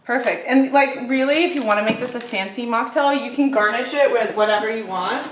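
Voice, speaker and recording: A young woman chatting casually as she tastes and reviews grocery finds, upbeat and quick, with lots of fillers. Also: a little high, echoey room, a little hiss or hum, low-quality recording.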